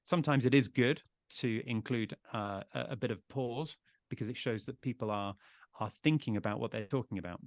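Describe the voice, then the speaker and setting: A man's voice: mid-range voice, brisk, no room sound. A man from the UK giving an online talk on podcasting, chatty and reassuring, often restarting his sentences, speaking into a close desk microphone. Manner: chatty, reassuring, frequent restarts and repeated words. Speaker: podcast trainer giving a webinar. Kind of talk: live online presentation with audience questions. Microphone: close desk USB microphone.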